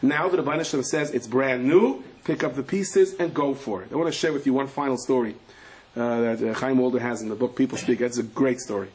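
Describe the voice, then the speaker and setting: A middle-aged man, a rabbi, giving a sermon full of animated, rapid storytelling. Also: mid-range voice.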